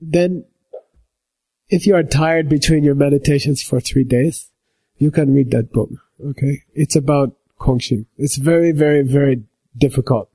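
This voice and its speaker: A middle-aged man teaching a meditation class, explaining with simple everyday examples and often checking in with a quick "okay?". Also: a little high, fairly even intonation, warm tone, slightly rough. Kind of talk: slow explanatory teaching talk.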